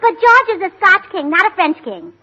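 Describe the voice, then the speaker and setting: A woman's voice: very high voice, big pitch swings, fairly quick. A woman in a 1940s radio comedy, playing a bubbly, scatterbrained wife who giggles often. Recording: muffled 1940s radio broadcast with loud hiss.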